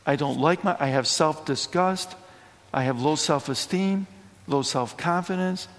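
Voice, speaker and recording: A man's voice: on the high side, measured pace. Man preaching animatedly in an echoey church. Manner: animated, chatty preaching with frequent asides. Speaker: priest. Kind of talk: sermon.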